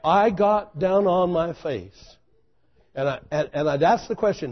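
A man preaching a sermon, telling a story dramatically, swinging from loud exclamations to hushed intensity. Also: fairly high pitch, normal speed, highs cut off.

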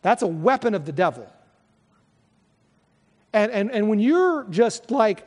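A man's voice: high voice, big pitch swings, moderate pace, long pauses, a little mellow, long reverb tail. A man preaching a sermon as pastor, earnest and conversational, often restarting his sentences.

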